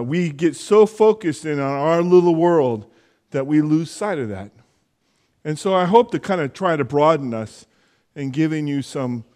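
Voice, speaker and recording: A male pastor preaching a sermon in a conversational, earnest way, with frequent fillers, dropping to a hushed voice when praying. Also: on the high side. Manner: soft hushed prayer voice.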